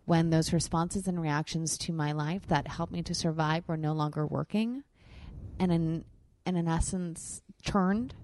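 A woman hosting a podcast in casual chat, candid and profane, talking freely and getting animated. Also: fairly low pitch. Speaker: podcast host. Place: hot room.

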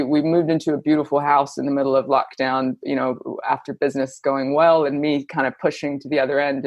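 Woman, podcast guest, coach and therapist, candid, expressive storyteller, dry close sound. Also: very deep voice, no room sound. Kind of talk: candid conversational interview.

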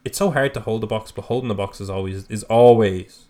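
Emphatic low-voiced male podcast co-host. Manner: animated, emphatic, quick to jump in. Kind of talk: casual chat.

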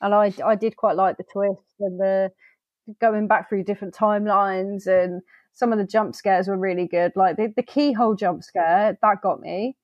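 A woman, co-hosting a casual podcast and chatting hesitantly, with many pauses and trailing phrases. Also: mid-range voice, steady tone, dry recording. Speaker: podcast co-host. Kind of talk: casual chat. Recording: dull, dry lo-fi sound.

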